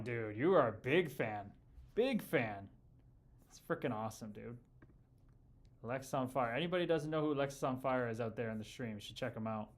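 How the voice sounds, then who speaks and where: A man hosting a livestream in a casual, chummy way, reading viewer comments aloud and calling people brother and dude. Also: mid-range voice. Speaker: livestream host and former hockey player.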